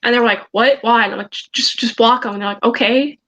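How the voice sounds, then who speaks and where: A woman's voice: fairly high pitch, fairly even intonation, fast talker, a bit bright, muffled recording. A teenage girl vlogger telling a story in a rambling, agitated way, with many restarts. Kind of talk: storytime vlog.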